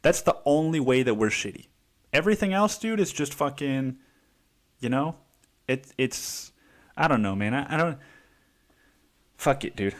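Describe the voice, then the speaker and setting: A man in the middle of a solo podcast rant, his voice sitting at an ordinary middle pitch. He rambles and swears freely, tossing in "dude" every few words. He keeps restarting his sentences with exasperation. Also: lively intonation, unhurried, pauses often. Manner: profane, rambling, says "dude" constantly. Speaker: podcast host.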